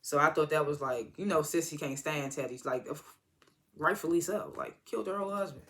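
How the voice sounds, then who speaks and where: A man's voice: on the high side, fairly quick, sharp tone, a little hiss or hum. A man giving a casual, rambling, slangy recap of a TV episode as a reviewer. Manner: rambling slangy retelling with acted-out quotes. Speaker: TV show reviewer.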